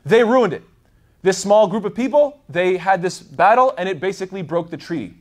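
A man's voice: sits high, lively intonation, normal speed. A man giving a casual religious lesson, rambling and thinking aloud with plenty of fillers as he tells the story. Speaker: Islamic lecturer. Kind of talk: casual explanatory talk.

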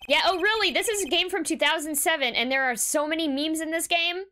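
A woman's voice: very high voice, a little fast, hardly any pauses, sharp tone, slight background noise. A woman streaming a game, chatting casually and giggling as she greets viewers. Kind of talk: casual live-stream chat. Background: music.

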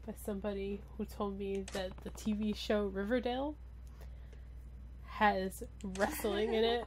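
A woman's voice: medium pitch, steady tone, a little slow, background noise. A woman chatting casually with a friend who is playing a game, joking and teasing. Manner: joking and teasing, laughs often. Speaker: co-host watching the game. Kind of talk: casual chat.

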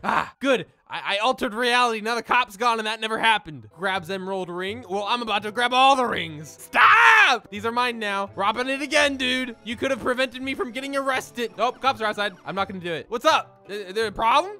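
A man giving excitable, jokey commentary on his gameplay, often shouting and laughing. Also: extremely high pitch, brisk, few pauses. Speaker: gaming YouTuber.

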